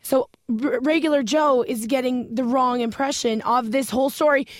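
A woman co-hosting a comedy radio talk show, talking quickly and emphatically. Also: high-pitched, fairly even intonation, dry recording, clean studio sound.

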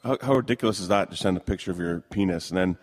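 A man co-hosting a podcast, joking and teasing in casual chat. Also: deep voice. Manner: joking, quick to tease. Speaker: podcast co-host.

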